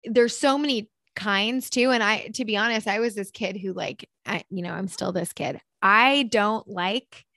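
A woman's voice: medium pitch, unhurried, hardly any pauses, bright, forceful tone, no echo. A woman in her thirties hosting a casual interview, chatty and self-interrupting, laughing easily. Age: 30s. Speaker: podcast host.

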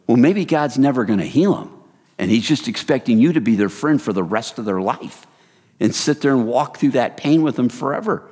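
Lively preacher in an echoing hall. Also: male voice, medium pitch, a little fast, husky. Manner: animated, swings from hushed to loud excited bursts; casual, addresses the crowd as "you guys". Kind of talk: sermon.

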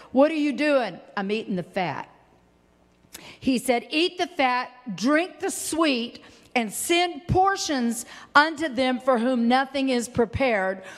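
An older woman with a high voice delivers a homey, animated sermon at an unhurried pace. She bursts into sudden high exclamations between stretches of easy talk. The sound carries a long reverb, like a big hall. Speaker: preacher.

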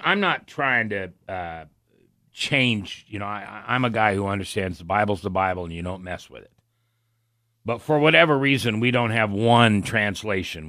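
A man's voice: lowish voice, no room sound, studio quality. A man hosting a Christian talk radio show, folksy and thinking aloud, with a cough today. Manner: folksy, animated, thinking aloud with many restarts. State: has a cough.

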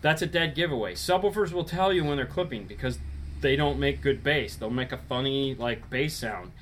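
A man's voice: medium pitch, animated, normal speed, fairly bright tone, a little hiss or hum. A man hosting a casual live-stream show, explaining car audio setups in a rambling, self-correcting way.

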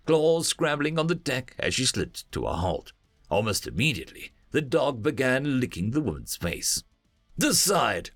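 Man narrating a story, expressive, gravelly, dry close mic, faint music. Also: mid-range voice, no echo. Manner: expressive, lively reading. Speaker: audiobook narrator.

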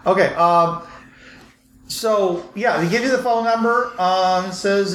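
A man running a tabletop game as game master, narrating with many pauses and fillers. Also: high voice, a bit bright. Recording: echoey room, background noise.

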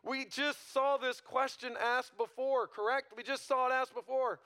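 A male pastor preaches in a church in an easy, conversational way. His voice is high and bright, and he keeps pulling the congregation in with rhetorical questions. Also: steady tone, normal speed. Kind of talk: sermon.

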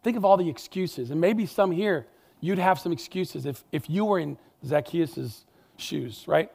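Brief: male preacher with a high-pitched voice, animated and emphatic, talking to the congregation in a chatty way. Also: moderate pace, vocal fry. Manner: animated, emphatic, conversational asides. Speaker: pastor. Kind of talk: sermon.

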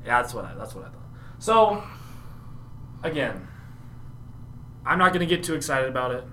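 A man's voice: medium pitch, very animated, normal speed, sharp tone, slight background noise. A young man hosting a casual political podcast, talking loosely and laughing easily. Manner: conversational, hedging, laughs easily. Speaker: podcast host.

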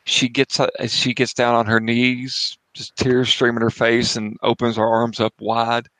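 A man narrating as game master of a tabletop horror game at home, casual and halting, restarting his sentences as he goes. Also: mid-range voice, completely flat delivery, fairly bright tone, no room sound, low-quality recording.

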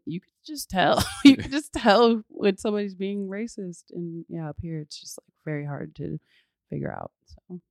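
A woman's voice: mid-range voice, normal speed, vocal fry, darkish tone, no echo, clean studio sound. A woman guest from talking in an earnest, thoughtful way, with fillers, in a casual conversation. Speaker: podcast guest.

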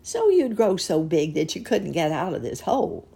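A woman's voice: fairly low pitch, huge pitch swings, moderate pace, gravelly, warm tone, husky, full character voice. A woman doing a gloating mosquito villain. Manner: gloating, taunting. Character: sly buzzing male mosquito villain.

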